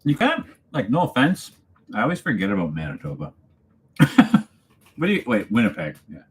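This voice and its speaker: Canadian guy, slightly low voice, easygoing livestream host working through chat at home. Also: wildly swooping pitch, normal speed. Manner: laid-back, chuckling, talks to viewers by name. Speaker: channel host reading live chat. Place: home, alone for the evening.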